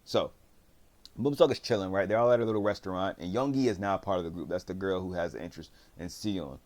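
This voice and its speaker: This man talks fast in a deep, somewhat dark voice while giving a casual rundown of a TV series. He rambles, leans on slang, and voices the characters' quotes himself.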